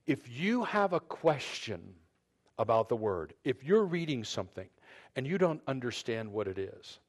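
A man's voice: medium pitch, a little mellow. Male pastor, easygoing sermon, talks to the guys then the girls, lots of restarts. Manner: chatty, repeats words and restarts sentences; addresses the men and the women in turn. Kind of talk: conversational sermon to a congregation.

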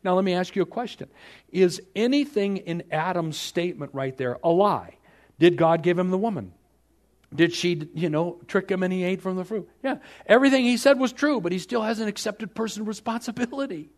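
A man preaching a sermon, asking the congregation rhetorical questions and swinging from hushed to loud. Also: high-pitched, a little fast. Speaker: pastor.

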